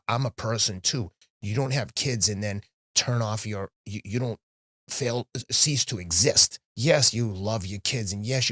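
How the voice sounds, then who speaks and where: A middle-aged man with a fairly low voice talks candidly, in a casual podcast conversation. His delivery is animated, as he often quotes himself. The sound is dry and close, in a quiet studio. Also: no room sound. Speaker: podcast guest, marathon runner.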